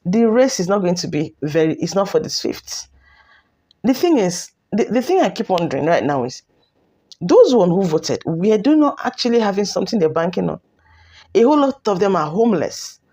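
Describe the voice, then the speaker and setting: A woman's voice: medium pitch, big pitch swings, normal speed, dark tone, husky. Woman scolding in an opinion rant. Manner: scolding, mocking, repetitive. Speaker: commentary host. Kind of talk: opinionated commentary.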